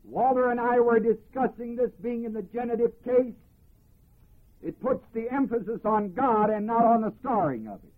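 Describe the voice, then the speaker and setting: A man preaching a sermon, reading scripture slowly and emphatically and explaining each phrase. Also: high-pitched. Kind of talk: sermon, Bible teaching. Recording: tinny phone-like lo-fi recording.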